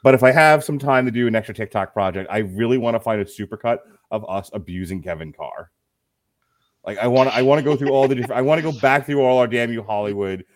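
Low-voiced laughing podcast host. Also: male voice, no echo, clean studio sound. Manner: reads out critics' quotes, laughing and wry. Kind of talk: casual movie review chat.

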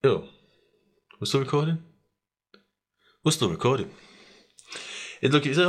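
A young man, hosting a podcast and telling a story in slangy, animated casual chat, laughing often and acting out what people said. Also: mid-range voice, measured pace, pauses often. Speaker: podcast host.

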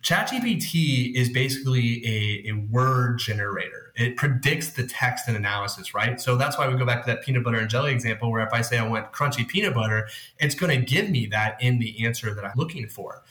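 A man's voice: medium pitch, lively intonation, fairly quick, hardly any pauses, fairly bright tone. Man explaining tech in an echoey room. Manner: explanatory, leans on food analogies. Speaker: guest expert on workplace tech. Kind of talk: podcast interview.

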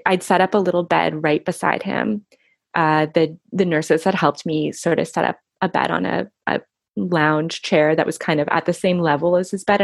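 Soft reflective woman, dry close sound. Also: fairly low pitch, vocal fry, no echo. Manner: soft, reflective, halting with restarts. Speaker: guest recounting her husband's death. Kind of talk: intimate conversational interview.

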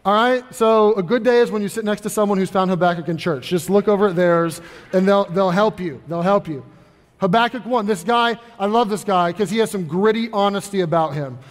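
A man's voice: high-pitched, a little fast, big-room sound. A male pastor preaching a sermon to his congregation in an earnest, conversational way, often repeating his phrases. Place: church sanctuary.

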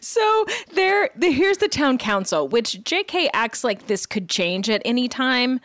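A woman co-hosting a podcast in casual chat, recapping a TV show with animated, sarcastic asides and frequent "like". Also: on the high side, measured pace. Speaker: podcast co-host.

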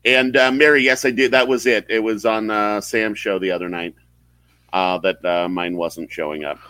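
A man with a lowish voice hosts a relaxed live podcast chat. He talks haltingly, full of fillers and restarts, into a close, dry mic. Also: no echo, poor audio. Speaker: podcast host. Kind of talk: casual live-stream chat.

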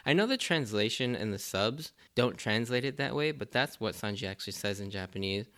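A man's voice: mid-range voice, animated, brisk, a bit bright. A man reviewing an anime episode, recapping scenes with enthusiasm and laughing often.

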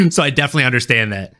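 A man's voice: on the high side, sharp tone. A man hosting a casual interview podcast, agreeing easily and laughing often as he chats. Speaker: podcast host.

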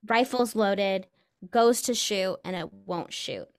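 A woman's voice: medium pitch, slow. A woman casually telling a ghost story to friends, acting out the quoted voices as she goes. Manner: animated, acts out quoted voices. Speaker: podcast co-host telling a story.

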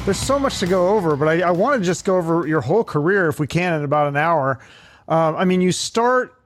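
A man hosting an interview, introducing his guest and asking questions in a brisk, conversational way. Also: fairly high pitch, lively intonation, soft background music. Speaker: podcast host. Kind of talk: casual interview.

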